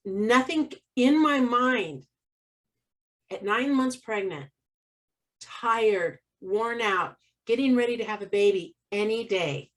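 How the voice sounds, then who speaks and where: A woman tells a story in a casual talk show, animated and laughing often, acting out the voices of the people in it. Her voice sits fairly high, and she sounds a little off the mic. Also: takes it slowly, recorded from a distance. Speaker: co-host.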